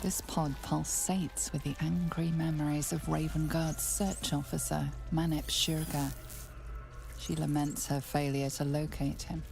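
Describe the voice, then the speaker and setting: Brooding game narrator, very low voice, fry in the tone, hushed delivery, loud game music behind. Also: female voice, flat delivery, measured pace. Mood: ominous. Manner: low, hushed storytelling with whispered passages. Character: ominous female game narrator.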